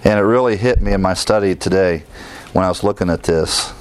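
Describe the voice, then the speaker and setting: Teaching verse by verse from the Bible, a man with a deep voice explains each passage and asks his audience rhetorical questions, frequently stopping to start over. There's slight background noise.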